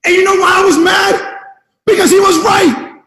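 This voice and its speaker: A man giving a fired-up motivational speech on a team call, shouting and repeating himself like a preacher. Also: very high-pitched, level tone, normal speed, gravelly, reverberant, in a large hall, low-quality recording. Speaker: network marketing leader.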